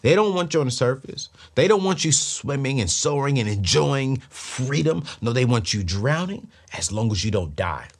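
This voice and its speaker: Animated preachy male finance host. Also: mid-range voice, normal speed, few pauses, slightly rough. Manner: emphatic and preachy, repeats key lines. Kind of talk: motivational personal finance talk.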